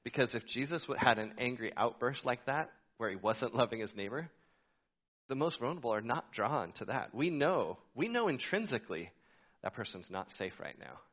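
A male pastor delivers a sermon in an animated storytelling way, acting out his own reactions. His pitch swings widely as he talks. The recording is thin and tinny, like a phone line. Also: normal speed, slightly rough.

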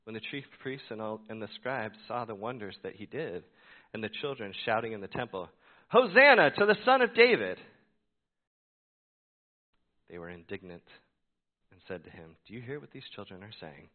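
A man's voice: fairly low pitch, fairly quick. A man preaching a sermon as a pastor, telling a story and acting out his own reactions. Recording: tinny phone-like sound.

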